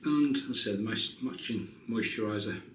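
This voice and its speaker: A man's voice: lowish voice, normal speed, recorded from a distance. A man in his fifties, chatting casually and joking at himself while he shaves at home. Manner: chatty, joking, self-mocking asides. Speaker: shaving vlogger. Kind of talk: casual chat while shaving. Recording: roomy, off-mic, faint noise.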